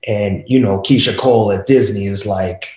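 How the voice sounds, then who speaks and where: Speaking at an ordinary pace in a lowish voice, a middle-aged podcast guest recounts family tales during a casual chat. He's lively, putting on the voices of his wife and children as he goes, and the recording sounds echoey.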